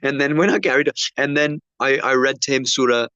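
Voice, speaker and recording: A male preacher telling a personal story in a sermon, acting out the dialogue with lively shifts of voice. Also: mid-range voice, fairly quick, smooth, dry recording, lo-fi sound. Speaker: Muslim preacher.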